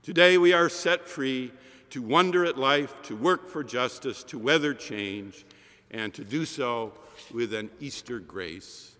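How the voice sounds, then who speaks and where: A man delivering an Easter-style sermon from the pulpit, building rhythmic repetitions and then dropping his voice low. His tone is bright and forceful. The sound carries a long reverb from a large church. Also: unhurried. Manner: rhythmic, repetitive cadence with dramatic drops. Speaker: pastor.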